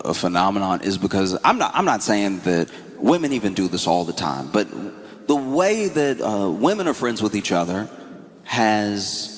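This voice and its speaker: A man's voice: on the low side, in a large hall. A man doing stand-up comedy, telling a story loosely with laughs and fillers.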